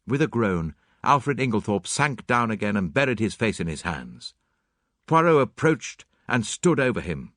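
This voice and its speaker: A man reading a mystery novel aloud as an audiobook narrator, with an expressive, dramatic delivery. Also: lowish voice, moderate pace, no echo, studio quality. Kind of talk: scripted narration.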